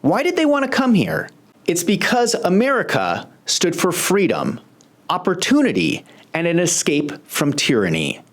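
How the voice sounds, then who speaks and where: A host delivering political commentary in a sarcastic, pointed manner. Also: medium pitch.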